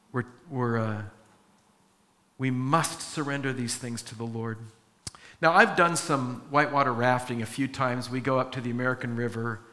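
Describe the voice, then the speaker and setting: A male pastor preaching a sermon, telling personal stories in an animated way with frequent chuckles. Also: a little high. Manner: storytelling, animated, chuckles often.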